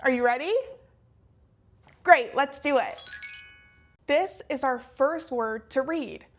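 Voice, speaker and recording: A woman teaching a children's phonics lesson, cheerful and clearly enunciating each word for young learners. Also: sits high, takes it slowly, faint music behind.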